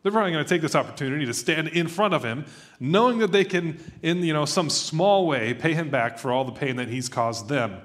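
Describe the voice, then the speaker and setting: A man preaching a sermon in a conversational, animated way, acting out quoted voices as he tells stories. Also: a little high, brisk. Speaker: pastor.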